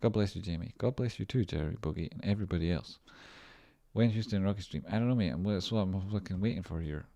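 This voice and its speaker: Deep-voiced man chatting on a trading stream. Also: fast talker, creaky, mellow. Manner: rambling, joking and swearing while reading chat. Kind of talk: casual livestream chat.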